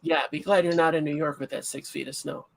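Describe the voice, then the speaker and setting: A middle-aged man hosting a livestream, chatting casually and telling stories in an animated, self-mocking way. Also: fairly high pitch, brisk, gravelly. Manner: animated storyteller, self-mocking, acts out shouts. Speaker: livestream host.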